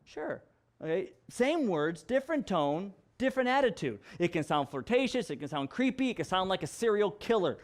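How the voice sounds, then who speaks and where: A male pastor giving a casual Bible teaching, conversational and animated, often restarting and repeating words for emphasis. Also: high-pitched, a little fast, hardly any pauses. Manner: animated and conversational, acts out examples; frequent restarts and emphatic repetition.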